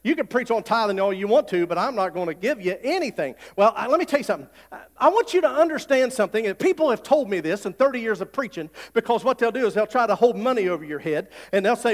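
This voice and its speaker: A middle-aged male pastor, preaching a folksy sermon that swells into loud, repeated declarations. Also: high voice, lively intonation, fast talker, few pauses. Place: church sanctuary. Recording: long hall reverb.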